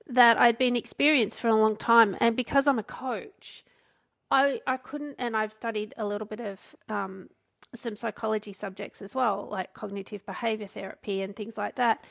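A woman's voice: a little high, steady tone, moderate pace, gravelly. A woman, a coach, talking casually on her own podcast with frequent restarts. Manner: conversational, with restarts and acted quotes. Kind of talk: solo podcast talk.

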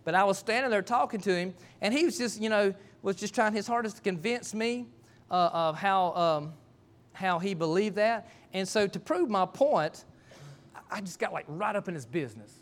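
Middle-aged male pastor, high voice, folksy self-deprecating sermon storyteller. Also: animated, normal speed.

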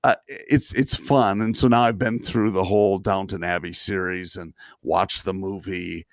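A man co-hosting a podcast in casual chat, halting and restarting his sentences with a chatty, easygoing manner. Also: sits low, steady tone, vocal fry, no room sound, studio quality. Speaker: podcast co-host.

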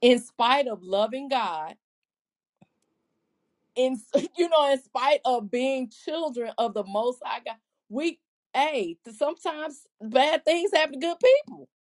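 Woman, podcast co-host, slow and earnest, a touch high, quotes scripture. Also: animated, darkish tone. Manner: earnest, talks in halting restarts, quotes scripture. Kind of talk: casual faith discussion.

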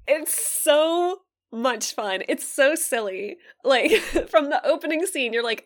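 A woman's voice: sits high, animated, takes it slowly, fairly bright tone. A woman co-hosting a podcast, chatting easily about films and shows and laughing readily. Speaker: podcast co-host.

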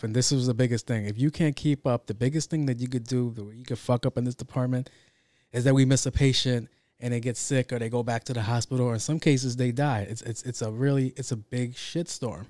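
A young man with a mid-range voice tells a work story briskly in a dry recording. He is casual, profane, and slangy, animatedly acting out what people said.

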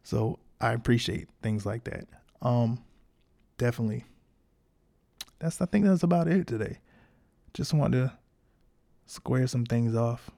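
Gravelly-voiced man hosting a podcast. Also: medium pitch, lively intonation, measured pace, long pauses, warm tone. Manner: frank, encouraging, conversational slang. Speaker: podcast host. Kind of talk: casual solo podcast monologue.

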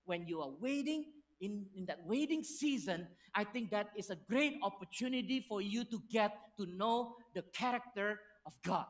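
Storytelling pastor preaching. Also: male voice, sits high, normal speed, hardly any pauses. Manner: storytelling with lively acted-out quotes, non-native phrasing. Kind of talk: sermon.

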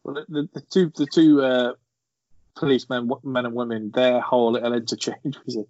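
A man's voice: medium pitch, flat delivery, fairly quick, a little mellow, no echo, dull audio. A man co-hosting a casual film podcast, laughing as he quotes movie lines. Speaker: podcast co-host.

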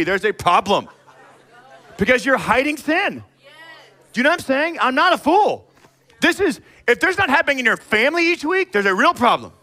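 High, bright-voiced animated preacher man. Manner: animated and emphatic, acting out people in quick asides; direct, calls out the congregation. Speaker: pastor. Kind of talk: sermon.

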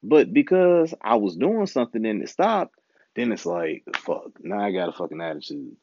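A man's voice: lowish voice, sing-song, normal speed, darkish tone, no room sound. A married man hosting his own podcast, ranting casually, frustrated, profane and rambling. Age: adult, married. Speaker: podcast host. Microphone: home recording setup. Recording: dull, dry lo-fi home recording.

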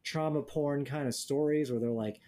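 A man's voice: a little high, normal speed, mellow. A young man in casual conversation, telling stories bluntly and sardonically, with lots of profanity and mocking quoted voices. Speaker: podcast co-host. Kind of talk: casual chat.

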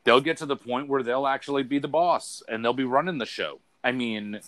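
A man in a casual chat, telling an animated story full of fillers and the word dude. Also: mid-range voice, a little fast, no room sound.

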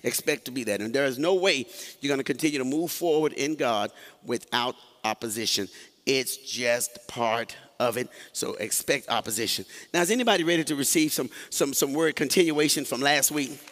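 A male pastor delivers a sermon in a church sanctuary, mixing folksy jokes with call-and-response to the congregation. His voice sits at a middle pitch. A long hall reverb trails behind each phrase. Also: normal speed, fairly bright tone.

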